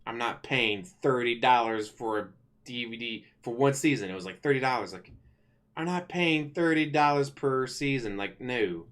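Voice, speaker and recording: A man with an ordinary mid-range voice rants casually into the camera. He complains in an animated way and drops swear words freely. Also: mid-range voice, moderate pace. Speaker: vlogger. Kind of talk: casual ranting commentary.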